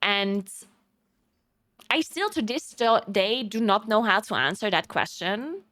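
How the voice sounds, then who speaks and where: Lively young woman streamer from Italy. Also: medium pitch, measured pace, dry recording. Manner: animated storytelling, laughs often. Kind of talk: casual chat with viewers.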